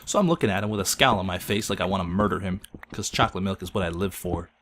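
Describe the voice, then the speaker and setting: A man hosting a gaming video, telling an absurd made-up story in a deadpan, mock-solemn way that breaks into laughter. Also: low voice, quick pace, noisy background. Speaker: Let's Play host. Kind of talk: absurd tall-tale storytelling while gaming.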